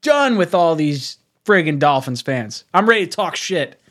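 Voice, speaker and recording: A tipsy man hosting a sports stream, a little higher-pitched than most men. He swears freely and laughs often as he talks football in a loose, excitable way. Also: normal speed. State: tipsy from drinks. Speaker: stream host. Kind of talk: casual sports chat.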